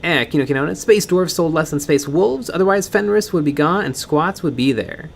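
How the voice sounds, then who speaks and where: Reading chat comments on a casual miniature-painting stream he co-hosts, this man jokes and rambles, full of fillers and restarts. He sounds a little high, expressive, brisk and creaky, with slight background noise.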